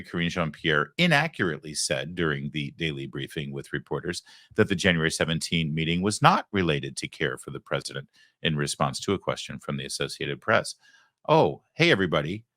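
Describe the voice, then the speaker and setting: Sarcastic male commentary host, lively pitch. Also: no room sound, studio quality. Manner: sarcastic, mocking, acts out quoted voices. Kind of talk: opinion monologue.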